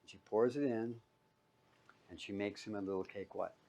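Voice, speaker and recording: Man preaching, loud then hushed. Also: steady tone, normal speed. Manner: asks the room questions and answers them himself; swings between loud emphatic peaks and quiet low asides. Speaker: pastor. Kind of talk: sermon.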